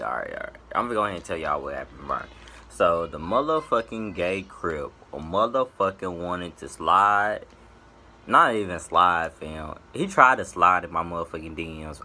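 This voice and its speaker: A man's voice: fairly high pitch, pushed and bright, breathy edge. A man vlogging straight to his viewers, ranting in a profane, exasperated way as his voice swings up and down. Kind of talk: ranting to camera.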